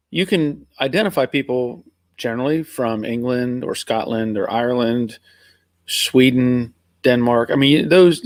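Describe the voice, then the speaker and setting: A middle-aged American man, his accent sitting between Northern and Southern US, chatting with his live viewers in an easygoing, rambling way. His voice sits at an ordinary male pitch. The sound is close and dry, with no room echo. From Pennsylvania, USA. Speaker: live stream host. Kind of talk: casual live chat reading viewer comments.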